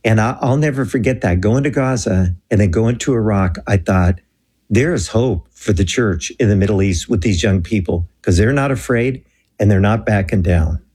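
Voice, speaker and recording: A man telling a story in an earnest, animated way on a Christian talk show, acting out the dialogue. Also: lowish voice, moderate pace, breathy edge. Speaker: guest telling a mission story.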